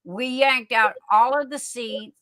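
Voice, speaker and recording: A woman's voice: a little high, slow pace, sharp tone, dry recording, rough recording. A woman telling folksy stories in casual livestream chat, often repeating and restarting words. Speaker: livestream guest.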